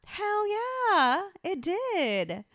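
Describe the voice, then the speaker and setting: Animated, swearing woman telling a story. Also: very high voice, very slow, no echo, clean studio sound. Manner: animated, swears freely, acts out quotes. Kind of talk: casual chat, storytelling.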